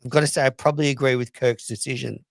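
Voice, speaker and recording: A man hosts a casual live show and rambles through news and posts with offhand asides. His voice sits in a middle pitch. The recording is dry and close. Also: fairly even intonation, quick pace, vocal fry, no echo. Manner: rambling, reading tweets aloud with asides. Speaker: podcast host.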